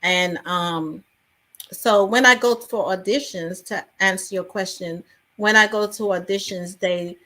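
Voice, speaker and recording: A woman, originally from England, telling stories in a lively interview conversation. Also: medium pitch, unhurried. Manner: animated storytelling with many fillers. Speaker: actress guest.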